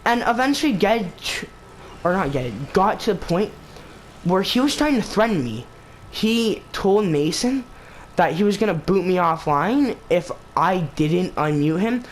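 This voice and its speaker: A gaming host with a high voice and big pitch swings speaks a little slowly, the poor recording carrying slight background noise. His storytelling wanders casually, full of restarts and fillers such as "like" and "basically".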